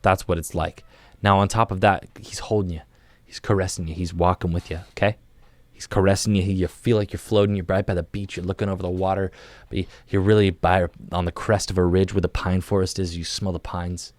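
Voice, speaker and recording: Young man, low voice, dry close sound, playful mock guided meditation, soft and drawn-out, frequent restarts. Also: little pitch movement, no room sound. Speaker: podcast guest.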